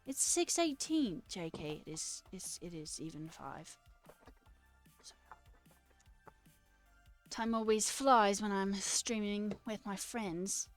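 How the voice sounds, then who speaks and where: A woman's voice: mid-range voice, lively intonation, slow pace, pauses often, soft background music. A woman streamer in a casual, rambling live-stream chat, talking playfully with her viewers and answering their comments.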